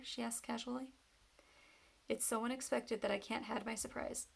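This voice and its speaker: Woman with heavy vocal fry reading aloud. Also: on the high side, moderate pace. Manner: steady first-person storytelling. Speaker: reader.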